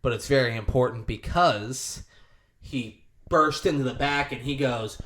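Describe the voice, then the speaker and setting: A man co-hosting a podcast, recapping a movie in casual, animated chat with plenty of swearing. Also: medium pitch, measured pace. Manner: animated, swearing, acts out scenes. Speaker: podcast co-host.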